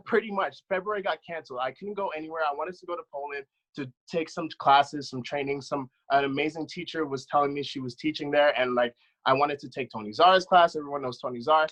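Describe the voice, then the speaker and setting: Impassioned, blunt man with a higher voice. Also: fairly quick, a bit bright, low-quality recording. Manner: impassioned, blunt, swears freely. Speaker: panelist. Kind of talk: panel discussion, personal account.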